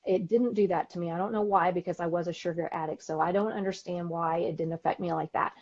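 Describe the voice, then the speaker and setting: A woman with a Texan accent, co-hosting a podcast in casual chat, talkative and quick to laugh, acting out quotes as she tells stories. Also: lowish voice, steady tone, a little mellow, lo-fi sound. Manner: chatty, laughs often, acts out quotes. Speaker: podcast co-host. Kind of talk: casual chat on a live stream.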